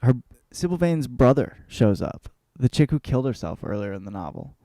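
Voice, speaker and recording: A man's voice: medium pitch, moderate pace, dry recording, clean studio sound. A male podcast host giving a profane, rambling comedic book report. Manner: profane, rambling, animated riffing.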